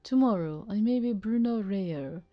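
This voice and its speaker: A woman voicing a smooth, mysterious male fox con man who speaks in a suave, evasive, theatrical way. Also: medium pitch, lively intonation, measured pace, muffled recording, close to an everyday voice.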